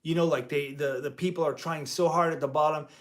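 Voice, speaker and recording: A man's voice: a little high, steady tone, a little fast, fairly bright tone. A man who teaches music part-time, talking in a rambling vlog commentary with many restarts and mild euphemistic cursing.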